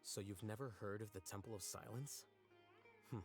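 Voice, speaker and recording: A man plays a calm, reserved scholar with a lowish, even voice. He explains in a measured, composed way. A long reverb tail trails his lines over faint game music. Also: natural voice.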